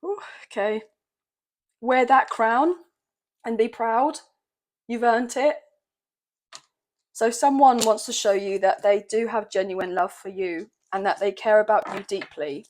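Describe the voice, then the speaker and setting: Chatty, emotional woman with a high voice. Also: steady tone, unhurried, long pauses, a little hiss or hum. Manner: gentle, chatty, emotional, often saying "okay, guys". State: a bit croaky. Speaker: tarot reader. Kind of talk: tarot reading video.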